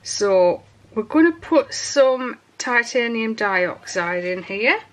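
A woman's voice: fairly high pitch, expressive, takes it slowly. A woman from England hosting a soap-making tutorial, chatting in rambling asides while she works. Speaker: soap-making channel host. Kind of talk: casual demonstration tutorial.

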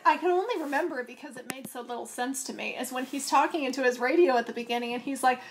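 A woman's voice: high-pitched, quick pace, few pauses, a little hiss or hum. A woman in a casual movie chat, dry and analytical about lines.

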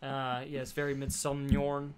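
A man talks through a film he watched in a loose, rambling way, full of fillers and little jokes. His voice sits at an ordinary middle pitch. It is an easygoing chat among friends on a podcast. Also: monotone, measured pace, over a noisy crowd. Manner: rambling, joking, laughs often with many fillers. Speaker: podcast co-host. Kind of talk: casual chat about movies.

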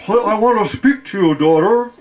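A man voicing his elderly father as befuddled and earnest, pleading in a slow, halting way. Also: sits high, lively intonation, lo-fi sound, pitched above the performer's own voice.

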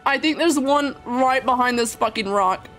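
A woman with a high, slightly bright voice streams a game live at a moderate pace, chatting with viewers as she plays. She swears freely and laughs often, with soft music in the background.

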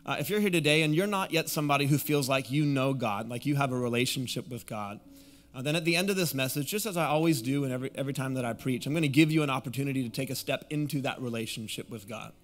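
A man's voice: mid-range voice, fast, faint music behind. A young adult man preaching a sermon as a guest pastor, drawing the congregation in and having them repeat phrases back. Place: church auditorium.

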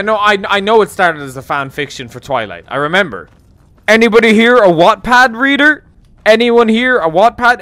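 High-pitched, bright and forceful, an Irish gaming streamer rambles and cracks sarcastic jokes in a casual let's play, captured in a dry recording.

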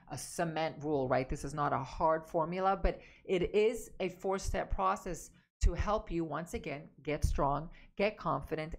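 A woman's voice: medium pitch, vocal fry. A woman relationship coach giving emphatic, direct advice, repeating her key points. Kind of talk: advice talk to camera.

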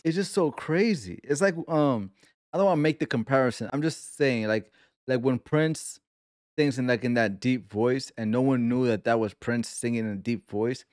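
A man from New York hosting a casual music reaction video, excitable and careful to explain his points. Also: medium pitch, no room sound, clean studio sound.

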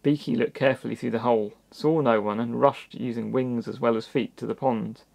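A man reading a children's storybook aloud in a gentle manner, with little asides to the listener. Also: medium pitch, fairly even intonation, a little fast, gravelly. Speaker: storybook reader.

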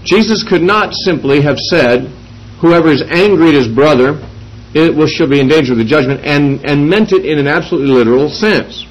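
A man giving a verse-by-verse Bible teaching, reasoning through each point deliberately with small restarts. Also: a little high, muffled recording.

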